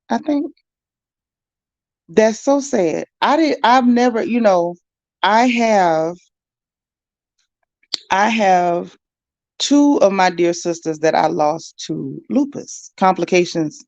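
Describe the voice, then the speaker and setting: Gravelly-voiced woman chatting on a livestream. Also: fairly low pitch, dry recording, highs cut off. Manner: chatty, animated, talks straight to viewers. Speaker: livestream host reading viewer comments. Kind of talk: casual livestream chat.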